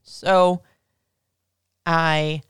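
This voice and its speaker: A woman's voice: deep voice, level tone, extremely slow, smooth, no room sound, studio quality. A woman podcast host telling a personal story in casual, rambling talk, full of swearing and "like". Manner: rambling, profane, heavy use of "like".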